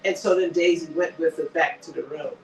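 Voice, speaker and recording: High-voiced man, roomy and distant. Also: brisk, gravelly, soft background music. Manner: animated, dramatic retelling. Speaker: co-host. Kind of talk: casual TV recap chat. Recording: roomy sound from a distant mic.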